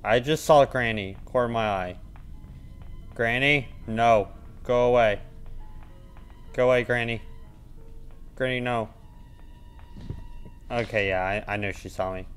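A man commentating his own horror game playthrough, muttering to himself between sudden panicked shouts. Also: mid-range voice, a little slow, pauses often, clear, resonant tone, faint music behind. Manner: mutters to himself, then yelps and shouts when scared. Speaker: gaming channel host.

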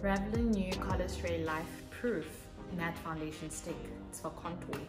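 A woman's voice: fairly low pitch, a little slow. South african woman, makeup artist, casual chat, roomy echo, music behind. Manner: animated, laughs often, goes quiet while working. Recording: echoey room with background music.

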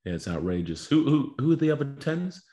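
A man's voice: a little high, big pitch swings, brisk, mellow. A man, a rugby prop co-hosting a podcast, talking in a laid-back, blunt way. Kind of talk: casual chat.

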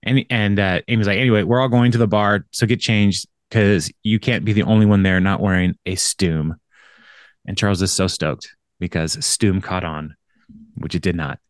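A man's voice: low voice, steady tone, moderate pace, no echo, studio quality. A man co-hosting a podcast, casually recapping an episode in a rambling way, with lots of fillers and laughter. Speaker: podcast co-host.

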